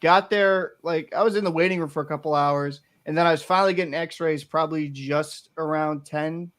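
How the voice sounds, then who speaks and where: A young man co-hosting a casual podcast, telling stories in a profane, animated way. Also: fairly high pitch, a little fast. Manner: profane, animated storytelling, swears a lot. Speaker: podcast co-host.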